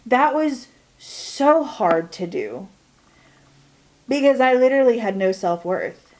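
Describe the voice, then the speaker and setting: A woman's voice: fairly high pitch, very animated, slow pace, a little mellow. A woman in her forties, vlogging a chatty get-ready-with-me while doing her makeup at home, talking in a candid, rambling way that drawls and trails off. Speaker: beauty vlogger.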